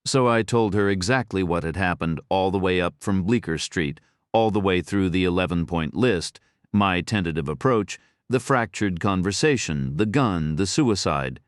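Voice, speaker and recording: A man reading a thriller audiobook in first person, steady and matter-of-fact. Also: deep voice, moderate pace, no room sound, clean studio sound. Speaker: audiobook narrator.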